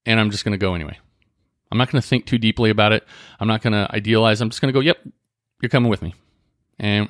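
A man hosting a podcast in a casual motivational talk, chatting conversationally, often checking in with "right?" and slowing down to read book passages aloud. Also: mid-range voice, fairly bright tone, no room sound, studio quality. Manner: conversational, often asks "right?" and restarts phrases; reads book passages aloud more slowly. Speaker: podcast host.

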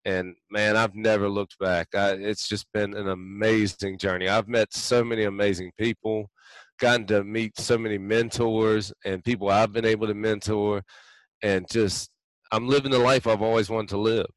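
A man's voice: fairly low pitch, fairly even intonation, normal speed, no room sound, rough recording. A man who is a guest on a business podcast, telling his story in an earnest, heartfelt, reflective way with frequent ums. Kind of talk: interview storytelling.

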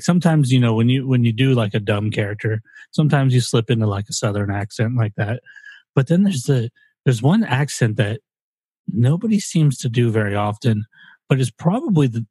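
A man's voice: medium pitch, darkish tone, slightly rough, no echo. A man co-hosting a podcast, joking around in casual chat and slipping into put-on accents. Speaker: podcast co-host. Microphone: studio microphone.

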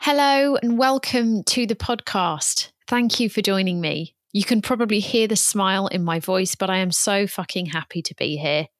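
A woman's voice: mid-range voice, no echo, studio quality. A British woman in her thirties hosting a podcast, talking in a candid, casual way and occasionally swearing. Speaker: podcast host and birth recovery coach.

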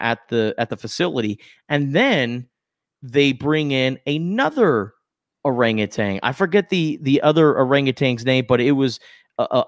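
With a medium-pitched voice, this podcast co-host keeps the chat casual, spinning lively stories and poking fun at himself. The studio sound is clean, with no room sound.

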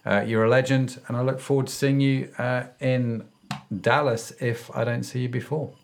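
A man's voice: medium pitch, little pitch movement, moderate pace, gravelly, slight background noise. A male podcast host who wraps up a casual interview in an upbeat, effusive way and laughs easily.

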